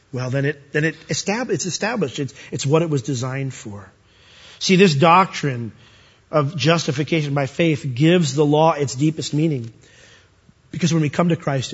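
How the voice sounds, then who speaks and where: A man preaching a sermon, animated and rising to high emphatic peaks as he quotes scripture. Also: husky, muffled recording.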